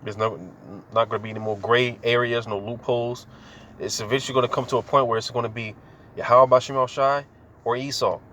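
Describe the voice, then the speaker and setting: A man reading scripture and explaining it in a relaxed, slangy way, full of casual fillers. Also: medium pitch, brisk, a little hiss or hum. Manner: laid-back, slangy, full of "man" and "you know" fillers. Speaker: scripture teacher. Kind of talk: informal scripture reading and commentary.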